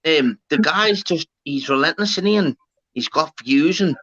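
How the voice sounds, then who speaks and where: Male stream host, raised, bright tone, banter and swearing, dry, dull audio. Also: fairly high pitch, expressive, moderate pace. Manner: swearing, laughing, retelling his own lines. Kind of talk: casual banter on a live stream.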